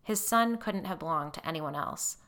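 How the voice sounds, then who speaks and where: A woman's voice: moderate pace, fairly bright tone. A woman reading a ghost story aloud as narrator, lifting her voice for the characters' lines. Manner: voices characters with raised pitch and lowered narration tags. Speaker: audiobook narrator.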